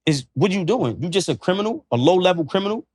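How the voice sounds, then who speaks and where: A man's voice: high voice, lively intonation, quick pace, darkish tone, no echo, clean studio sound. A man who is a podcast guest, lecturing in casual chat with emphatic, profane street slang. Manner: preachy, lecturing.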